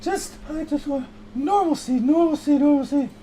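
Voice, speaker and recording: A man voicing a fretful grown-up who complains about the modern world in a shrill, whiny voice, in an improvised comedy scene. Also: moderate pace, dark tone, a little hiss or hum, rough recording. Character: fretful grown-up longing for simpler times.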